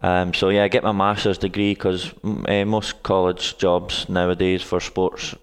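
A man's voice: low-pitched, little pitch movement, normal speed, clean tone, in a large hall. A Scottish man in his twenties answers interview questions in a casual, hesitant way, with many ums and restarts. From Scotland. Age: 20s. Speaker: guest, college soccer coach.

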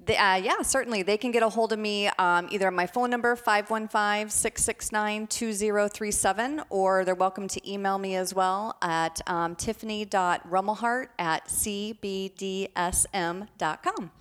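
A woman in real estate talking as a podcast guest, hesitant and filling pauses with "um". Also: medium pitch, fairly even intonation, fairly bright tone. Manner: hesitant, frequent "um" fillers.

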